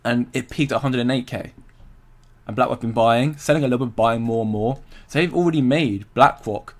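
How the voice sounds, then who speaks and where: A man's voice: mid-range voice, fairly quick. A young man hosting a casual crypto livestream, chatting loosely, answering viewer comments and laughing often.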